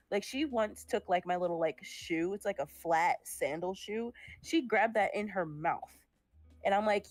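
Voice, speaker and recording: On a dry recording, a young woman with a lowish voice chats casually while drawing on stream. This art-making streamer laughs and swears every so often.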